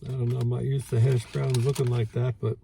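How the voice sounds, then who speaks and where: A man with a Brooklyn accent, rambling casually with many pauses while reviewing food outdoors by a lake. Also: medium pitch, flat delivery, gravelly, dark tone, a little hiss or hum.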